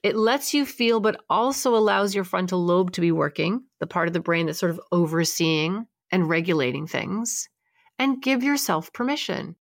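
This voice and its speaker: A woman co-hosting a podcast, talking in a reassuring, animated way about feelings and often acting out the voices she quotes. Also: lowish voice, normal speed, dry recording, studio quality. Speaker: podcast co-host. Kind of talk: casual podcast chat.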